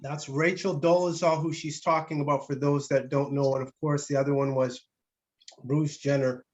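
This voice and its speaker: Man, online host, halting, fillers, slightly high, dull lo-fi sound. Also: little pitch movement, slight background noise. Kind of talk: casual online Q and A.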